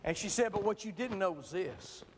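A man preaching a sermon, shifting from impassioned shouts to soft, quiet storytelling. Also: high voice, expressive, moderate pace. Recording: reverberant hall, faint noise.

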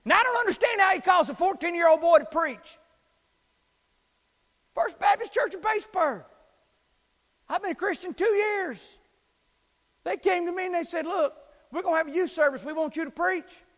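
High-voiced preacher in a reverberant hall. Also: male voice, moderate pace, long pauses. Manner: animated preaching, swings from shouting to hushed. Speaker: pastor. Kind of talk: sermon. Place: church sanctuary.

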